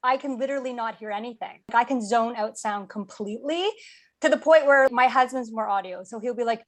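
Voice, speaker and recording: A woman co-hosting a casual chat, telling lively anecdotes with quoted asides. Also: on the high side, a little fast. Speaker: podcast co-host.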